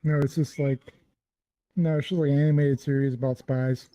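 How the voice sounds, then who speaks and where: A man's voice: medium pitch, flat delivery, normal speed, warm tone, dry recording, low-quality recording. A man co-hosting a casual podcast, easygoing and laughing along. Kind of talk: casual banter.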